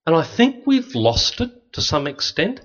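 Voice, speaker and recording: A man's voice: high-pitched, normal speed. A middle-aged Australian man, a Catholic priest, giving an anecdotal talk with slides and acting out the voices of people in his stories. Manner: lively, anecdotal, acts out other people's voices. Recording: dull, slightly lo-fi sound.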